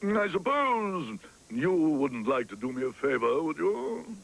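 A man voicing a grand, booming old stage actor with a theatrical manner in a storybook cartoon. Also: very animated, unhurried, creaky, exaggerated voice.

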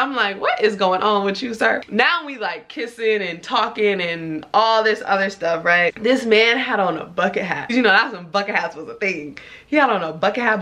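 Girl in her 20s doing a storytime, super animated, bright voice. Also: on the high side. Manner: animated, laughing, acts out quoted lines. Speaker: vlogger. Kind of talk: storytime chat.

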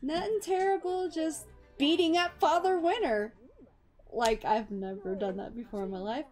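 A young woman chatting over a life-sim game, excitable, exclaiming and laughing at what happens on screen. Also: high-pitched, moderate pace, soft background music. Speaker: gaming YouTuber. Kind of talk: casual game commentary.

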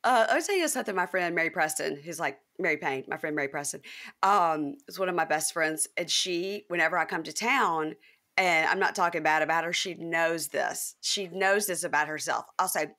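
A woman from Mississippi hosting a podcast, chatting casually and telling stories with lively, high-pitched quoted voices. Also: normal speed. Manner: animated storyteller, jumps high when acting out quotes. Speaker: podcast host. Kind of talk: casual chat.

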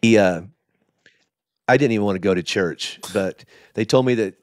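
Candid middle-aged pastor, halting and emotional. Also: male voice, fairly low pitch, darkish tone, no room sound, studio quality. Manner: emotional, halting, with many restarts and quoted asides. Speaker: lead pastor. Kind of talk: candid podcast interview storytelling.

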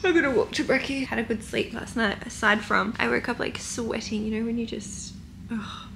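A woman's voice: fairly high pitch, steady tone, normal speed, creaky, fairly bright tone, roomy sound, a little hiss or hum, rough recording. An Australian woman chatting candidly in a casual travel vlog, swearing now and then, filmed on a handheld camera. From Melbourne, Australia. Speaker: vlogger. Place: hotel room and streets outdoors.

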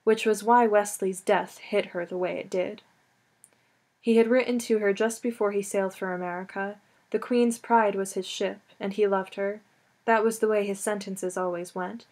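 Woman reading a storybook, steady and even. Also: medium pitch, moderate pace. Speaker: audiobook reader. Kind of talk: scripted narration.

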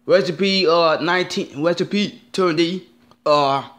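A man's voice: fairly high pitch, a little slow, a bit bright. A man ranting in a vlog, upset and rambling, repeating himself and swearing often. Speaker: vlogger.

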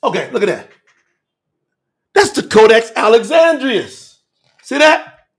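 A man preaching a fiery telethon sermon, emphatic and repetitive, swinging from shouts to hushed asides, with Southern US dialect grammar. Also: extremely high pitch, sing-song, unhurried.

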